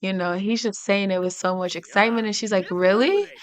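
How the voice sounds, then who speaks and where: A woman's voice: mid-range voice, fairly even intonation, quick pace, crowd noise. A woman giving casual, chatty commentary while playing a life-sim game, narrating her characters' feelings and giggling often. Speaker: gaming channel host. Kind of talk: casual let's play commentary.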